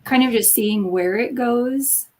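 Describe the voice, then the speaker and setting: A woman in a casual video call chat who speaks haltingly, often repeating herself as she searches for words. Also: on the high side, a little hiss or hum. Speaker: writing group member.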